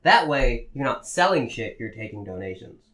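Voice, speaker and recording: A man's voice: medium pitch, moderate pace. Young man telling a story with gusto. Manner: animated storyteller, heavy swearing, acts out quotes. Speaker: podcast co-host. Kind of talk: casual chat, storytelling.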